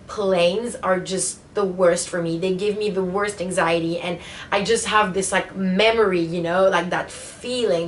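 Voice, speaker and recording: A woman's voice: mid-range voice, slight background noise. Emotional woman telling a vlog story. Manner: emotional retelling, many fillers. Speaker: vlogger.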